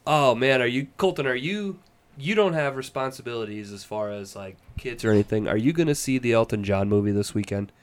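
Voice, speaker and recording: Male host, young adult, smooth resonant voice, laid-back joking banter. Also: mid-range voice, expressive, fairly quick. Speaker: podcast host. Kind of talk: casual chat.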